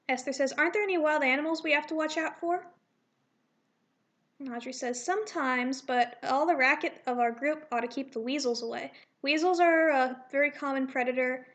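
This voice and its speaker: A woman with a high voice reads through her own comic draft, loosely acting out the characters' lines. She keeps stopping to correct herself and ramble about changes she plans to make. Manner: rambling, self-correcting, with quick asides. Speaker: comic artist reading her draft aloud. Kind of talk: casual read-through of a comic, voicing characters.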